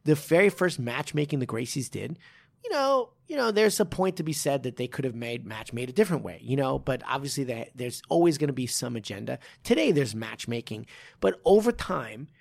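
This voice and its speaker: A man's voice: medium pitch, big pitch swings, brisk, creaky. A man co-hosting a casual podcast as a martial arts coach, rambling with lots of restarts and laughing easily. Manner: rambling, many restarts and fillers, laughs often.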